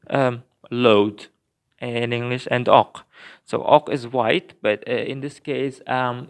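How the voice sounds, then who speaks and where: A man teaches a grammar lesson at an unhurried, deliberate pace. His voice is smooth and clear, sitting at an ordinary middle pitch. He works through each point patiently, with frequent fillers and restarts. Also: a bit bright. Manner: slow, careful explaining with many fillers and restarts. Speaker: language teacher.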